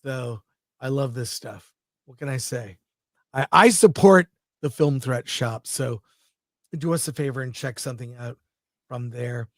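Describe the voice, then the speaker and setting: A man's voice: mid-range voice, a little slow, pauses often, dry recording, studio quality. A man co-hosting a casual film chat, talking in an enthusiastic, chatty way and describing what he sees on screen. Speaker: podcast co-host.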